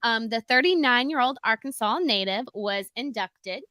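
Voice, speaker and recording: A woman's voice: on the high side, lively intonation, moderate pace, bright, forceful tone, dry recording. A woman co-hosting a casual chat show, upbeat and chatty as she reads out music news. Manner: upbeat, chatty, many ums. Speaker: entertainment news co-host.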